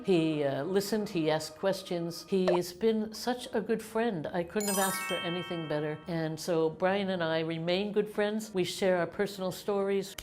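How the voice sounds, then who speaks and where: A woman in her sixties from the United States, talking heartfelt and warm to camera in a casual vlog, laughing often. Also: on the low side. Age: 60s. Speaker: vlogger.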